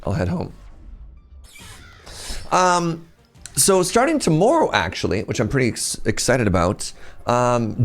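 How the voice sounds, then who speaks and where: A man chatting casually while livestreaming a game, rambling and interrupting himself. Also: fairly low pitch. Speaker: game streamer.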